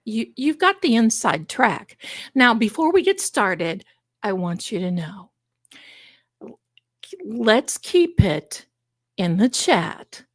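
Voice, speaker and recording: A woman's voice: on the high side, sing-song, slow pace, long pauses, dry recording, clean studio sound. A woman hosting a livestream, chatty and theatrical, calling viewers her darlings, her voice congested from allergies. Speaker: livestream host. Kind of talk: casual livestream chat.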